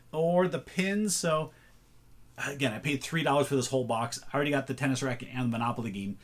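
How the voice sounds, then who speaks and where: Chatty man sorting a thrift haul. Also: fairly high pitch. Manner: chatty, thinking aloud while sorting items. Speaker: reseller showing a thrift haul. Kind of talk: casual vlog chat.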